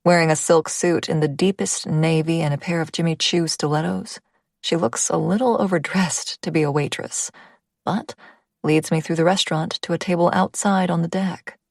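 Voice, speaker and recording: A woman's voice: lowish voice, fairly even intonation, moderate pace, vocal fry, no echo, studio quality. A woman reading a first-person audiobook, intimate in tone and dropping to a whisper at tense moments. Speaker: audiobook narrator.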